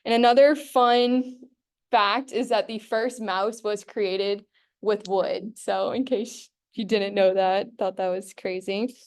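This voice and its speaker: A woman's voice: mid-range voice, steady tone, slow, darkish tone, smooth. A young woman student giving a casual classroom workshop presentation, chatty and full of fillers. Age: young adult.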